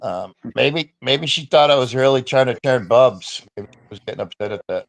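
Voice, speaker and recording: A man in his fifties chatting on a livestream, playful and teasing with animated jumps in tone. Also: mid-range voice, moderate pace, gravelly. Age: 50s. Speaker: regular on a livestream. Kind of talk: casual livestream chat.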